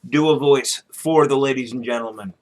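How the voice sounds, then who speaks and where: A man's voice: mid-range voice, moderate pace. A man hosting a podcast in casual chat, joking and teasing his guest and laughing often. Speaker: podcast host.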